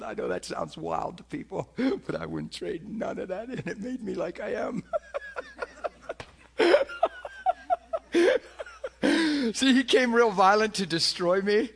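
Male preacher, testimony storytelling; big swings from hushed asides to loud, high outbursts, laughs through it. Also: gravelly, breathy edge. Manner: animated storytelling, acts out quotes, laughs often. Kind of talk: testimony sermon.

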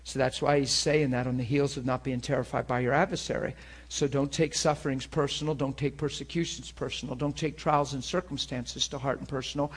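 A man preaching a sermon to a class, talking in an animated, conversational way. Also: medium pitch, slightly rough.

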